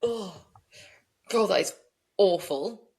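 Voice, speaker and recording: Woman co-host on a true crime podcast, quiet little yeahs and mms, unhurried. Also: medium pitch, slightly rough.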